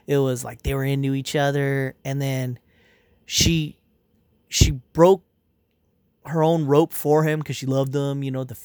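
This man's voice is on the high side, recorded dry. He delivers a casual spoken review rant, irritated and dismissive, rambling with plenty of filler words, swearing, and sentences he keeps restarting.

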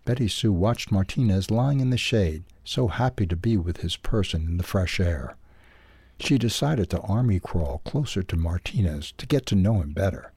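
A man reading a children's animal story aloud for a newsletter's audio edition, in a calm, even way. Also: low voice, normal speed, breathy edge, no echo. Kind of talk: storybook narration.

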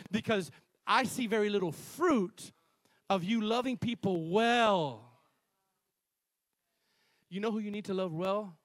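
A man preaching a sermon as pastor, telling stories with sudden loud emphasis and quiet asides, often restarting phrases and calling on the congregation to respond. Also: very high-pitched, measured pace, long pauses, no room sound. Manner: animated storytelling, shifting between loud emphasis and quiet asides.

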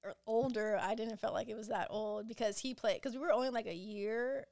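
A woman's voice: on the high side, fairly even intonation, a little fast, creaky, a little mellow, slight background noise. A young woman co-hosting a podcast in casual chat, talking loosely with lots of fillers and frequent laughs. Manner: chatty, laughs often, many likes. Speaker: podcast co-host.

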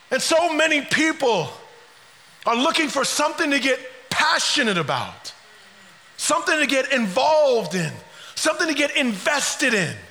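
A man preaching a sermon, swinging between soft, quiet passages and shouted climaxes. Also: very high voice, big-room sound. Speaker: pastor.

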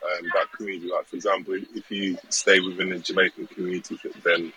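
A man's voice: low voice, flat delivery, fast talker, sharp tone, breathy edge, rough recording. A man co-hosting a podcast, talking casually with lots of hesitations and restarts. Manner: hesitant, many fillers and restarts. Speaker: podcast co-host. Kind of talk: casual chat.

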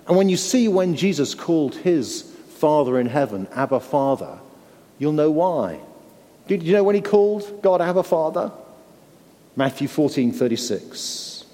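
Guy preaching in a church, kinda high voice, earnest, stumbles and repeats himself a lot. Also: darkish tone. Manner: earnest, with frequent stumbling repeats and tag questions. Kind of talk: sermon. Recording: long hall reverb.

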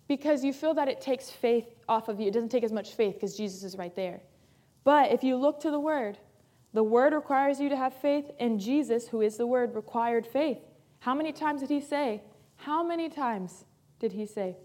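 A woman's voice: high voice, moderate pace, a little mellow. A woman pastor preaching a sermon in an earnest, emphatic way, repeating key phrases for weight.

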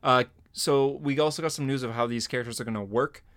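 A man's voice: medium pitch, fast talker, a bit bright, smooth. A man hosting a casual podcast, rambling through news with lots of fillers and little laughs. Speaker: podcast host. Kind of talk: casual chat.

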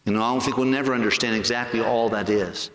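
A man's voice: medium pitch, fairly even intonation, noisy background. Preaching man in an echoey church. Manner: preaching with rhetorical questions to the congregation; stretches key words slowly for emphasis. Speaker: pastor. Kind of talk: sermon. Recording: echoey hall with long reverb.

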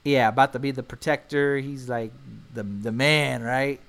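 A young man in his twenties from San Antonio, Texas, telling a wild story in casual, profane chat, jumping into loud, high quoted voices. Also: fairly even intonation, normal speed.

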